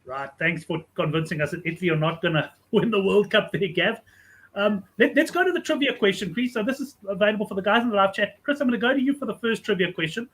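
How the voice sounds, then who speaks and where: A male host runs a betting panel at a brisk clip. His voice sits high for a man and he talks fast, moving each guest along. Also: lively intonation, fairly bright tone. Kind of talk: hosting a panel show.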